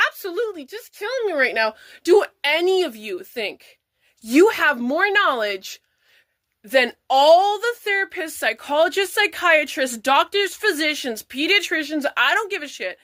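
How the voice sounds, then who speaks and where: Tearful woman ranting, high and lively. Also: no room sound, studio quality. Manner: angry, profane, fast venting. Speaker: parent vlogger. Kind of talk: emotional rant to camera.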